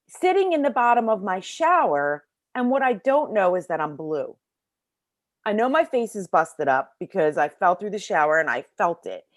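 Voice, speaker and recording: A middle-aged woman telling a personal story as an interview guest in a casual, animated way, acting out the voices of people in it, recorded in a bedroom at home. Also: mid-range voice, dry recording, studio quality. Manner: casual, lots of fillers like "like".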